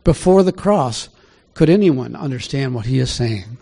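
Mellow-voiced man preaching a sermon. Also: medium pitch, animated, normal speed, gravelly. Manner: conversational, asks the listeners questions. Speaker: pastor. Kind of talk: sermon Bible teaching.

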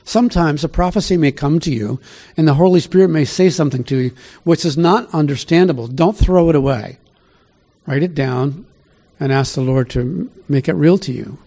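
In a conversational sermon, a pastor reads scripture aloud and asks his listeners questions as he teaches from the Bible. His voice is mellow and on the high side, at a moderate pace.

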